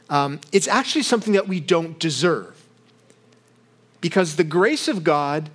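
A pastor preaches in a relaxed, conversational way, weaving in funny stories about himself. His voice sits high for a man. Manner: conversational storytelling with self-deprecating humor. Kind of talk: sermon.

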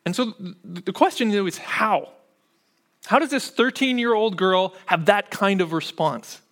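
Speaking a little slowly, a man with a high-sitting, fairly bright voice preaches as a pastor. The sermon feels conversational, punctuated by frequent "right?" check-ins with those listening.

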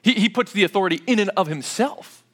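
Higher-voiced man preaching conversationally. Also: expressive, a bit bright. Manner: conversational, explaining step by step with frequent pauses and fillers. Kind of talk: expository sermon teaching.

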